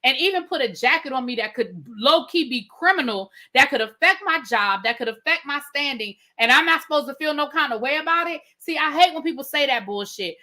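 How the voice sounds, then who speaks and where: Animated woman ranting on a live stream. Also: high voice, brisk, few pauses. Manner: animated, indignant, talks to chat as y'all. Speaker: reality TV reviewer.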